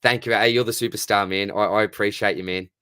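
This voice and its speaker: A man's voice: fairly low pitch, fairly even intonation, fast talker, sharp tone, smooth, no echo, studio quality. A man with an Australian accent hosting a casual live stream Q&A, reading out chat questions and answering them in a friendly, matey way.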